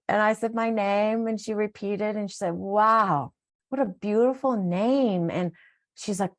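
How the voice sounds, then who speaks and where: A woman's voice: mid-range voice, slow. A middle-aged woman, a wellness coach, telling a heartfelt, rambling story on a recorded live call, often restarting her sentences.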